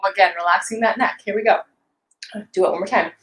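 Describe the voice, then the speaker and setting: A woman leading a live-streamed vocal warm-up as a coach, giving gentle, encouraging guidance between hums and sung syllables. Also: mid-range voice, fairly even intonation, fast, heavy background noise. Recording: roomy echo.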